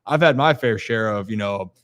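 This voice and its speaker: A man's voice: lowish voice, normal speed, fairly bright tone. A man hosting a podcast, chatting casually about sports and reeling off stats. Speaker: podcast host.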